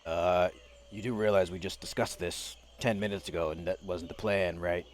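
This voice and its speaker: A man's voice: sits low, steady tone, normal speed, slight background noise. A man playing a tabletop game, talking through a climbing plan with mild exasperation. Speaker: player.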